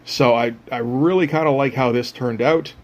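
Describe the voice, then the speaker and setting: A man's voice: medium pitch, normal speed. A man talking casually about his comic art as he draws, rambling and self-mocking with frequent chuckles. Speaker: comic artist. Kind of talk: casual drawing commentary.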